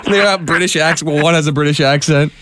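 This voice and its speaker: A man co-hosting a radio show, tossing in quick wisecracking asides and laughing easily. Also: fairly high pitch, background noise. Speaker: radio co-host. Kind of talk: casual banter.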